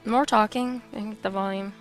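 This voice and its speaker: A woman streamer with a hoarse voice, chatting casually and giggling while playing a game. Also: mid-range voice, fairly even intonation, normal speed, soft background music. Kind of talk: casual gameplay commentary.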